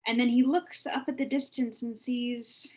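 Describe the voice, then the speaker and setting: A woman's voice: fairly high pitch, fairly even intonation, normal speed, darkish tone, low-quality recording. A woman reading a comic monologue aloud with a light, coaxing storytelling manner. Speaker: play reader.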